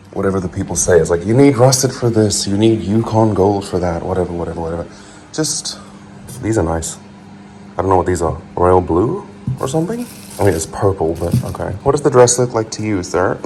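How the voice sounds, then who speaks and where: A man from New Zealand hosts a home cooking video, chatting loosely and drifting between asides and filler words. His voice sits very low. Clear background noise runs under the recording. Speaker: home cook vlogger. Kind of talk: casual cooking chat.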